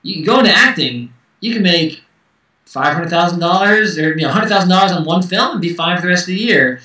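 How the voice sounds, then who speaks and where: A man's voice: high-pitched, expressive, a little fast, pushed and bright, reverberant, recorded from a distance, poor audio. A man in his thirties, a musician guest speaking candidly and acting out quoted dialogue in casual interview chat.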